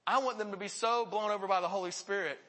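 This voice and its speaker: Guy preaching a sermon, high bright voice, earnest storyteller, echoey church hall. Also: fairly even intonation, fast talker. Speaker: pastor.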